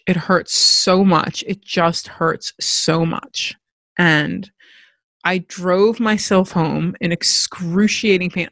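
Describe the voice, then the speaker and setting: Podcast host, female, gravelly creaky voice, candid storytelling, dry close sound. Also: on the low side, fairly bright tone, dry recording. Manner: candid, reflective, with frequent restarts. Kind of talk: personal storytelling monologue.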